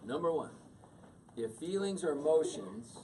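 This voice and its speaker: Middle-aged male teacher, lively pitch, acts out voices; distant mic, faint room hum. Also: measured pace. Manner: animated, acts out quoted voices. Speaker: teacher leading a class on emotions. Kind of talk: classroom teaching with questions to the audience.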